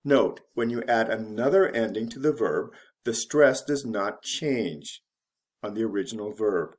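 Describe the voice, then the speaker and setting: A man gives a scripted English grammar lesson at a very slow, deliberate pace. His voice sits slightly low, and he spells endings out letter by letter before saying each example word with careful stress. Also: expressive. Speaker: English teacher.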